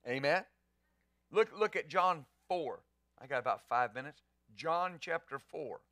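A man's voice: a little high, animated, measured pace, a bit bright, no echo, clean studio sound. A man pastor preaching a sermon, emphatic, asking rhetorical questions and answering them.

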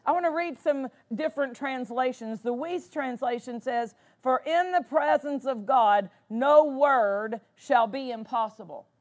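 A woman's voice: sits high, a little slow, hardly any pauses. A woman pastor preaching a sermon, driving points home by repeating words for emphasis.

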